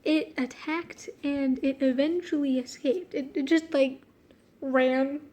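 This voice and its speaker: A woman with a high, warm voice reads her own childhood story aloud at a slow pace and fairly even intonation. She keeps breaking off mid-sentence, easily distracted, to mock the story in a giggly, slangy, self-mocking way, so the reading comes with joking commentary.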